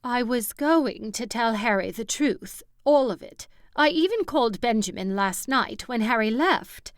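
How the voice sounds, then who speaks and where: A woman narrator voicing a breathy, manipulative older mother in an audiobook. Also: a little high, lively intonation, unhurried, dry recording, clean studio sound, pitched above the performer's own voice. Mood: defensive. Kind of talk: audiobook character voice.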